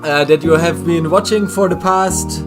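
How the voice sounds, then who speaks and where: High-voiced German-accented man over music. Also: moderate pace. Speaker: streamer. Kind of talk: stream sign-off. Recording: clip with loud music behind.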